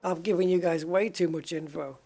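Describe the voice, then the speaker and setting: A man's voice: fairly high pitch, steady tone, fairly quick, gravelly, mellow, slightly rough. A man streaming a space game, chatting loosely with viewers, rambling and poking fun at himself as he answers their messages. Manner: rambling and self-mocking, reads and answers chat. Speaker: gaming streamer. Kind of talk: casual live-stream chat.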